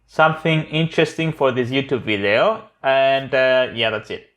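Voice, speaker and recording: A man's voice: medium pitch, normal speed, a bit bright. A man who speaks English as a second language, hosting a casual tutorial vlog in a joking, playful, self-mocking way. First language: not English. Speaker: tech YouTuber.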